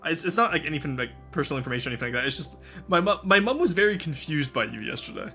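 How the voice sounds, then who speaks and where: A man's voice: a little high, rapid-fire, soft background music. A young man chatting with his stream viewers, laughing often. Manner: animated, laughs often, talks to chat. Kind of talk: casual live-stream chat.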